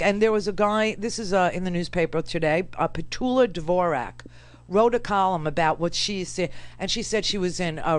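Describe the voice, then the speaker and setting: A woman's voice: medium pitch, smooth. Brash sarcastic New woman radio host. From New York. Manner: brash, sarcastic, animated with frequent fillers. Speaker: radio talk show host. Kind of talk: political commentary monologue.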